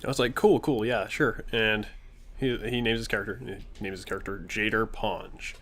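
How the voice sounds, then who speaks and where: A young man telling a long tabletop game story in a casual chat, animated and often laughing as he quotes the players. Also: fairly low pitch, moderate pace. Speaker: podcast co-host telling a story.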